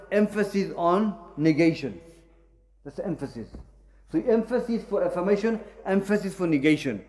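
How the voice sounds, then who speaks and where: Man, religious lecture, slightly high voice, halting delivery with many fillers, Arabic terms mixed in. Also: a little mellow. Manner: explains with many fillers and self-corrections; mixes Arabic terms into English. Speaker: Islamic studies teacher. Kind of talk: classroom lecture.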